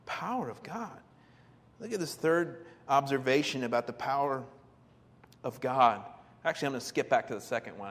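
A man preaching a sermon as a pastor, animated, acting out the people in the story and putting questions to his listeners. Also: on the high side, long reverb tail. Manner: animated, acts out quoted characters, asks the congregation questions.

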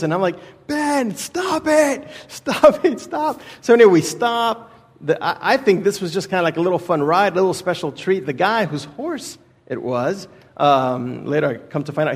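A man in his thirties from Texas, a guest preacher telling a personal story in a casual, rambling sermon with many restarts. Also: a little high. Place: church sanctuary. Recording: reverberant church hall.

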